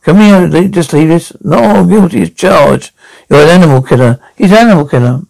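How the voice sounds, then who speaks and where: A woman's voice: on the low side, a little fast, creaky, a little mellow, low-quality recording. A woman playing a brash, foul-mouthed elderly nan who heckles and taunts everyone, for a TV sketch. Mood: mocking. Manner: heckling, taunting, name-calling. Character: brash foul-mouthed old London nan, rude and cheeky. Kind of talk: TV sketch comedy acting.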